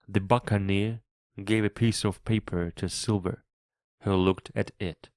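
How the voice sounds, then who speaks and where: Slow-reading male narrator of a learner's book. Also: fairly low pitch, no echo, studio quality. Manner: slow, clear and even reading. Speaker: English teacher reading a graded book.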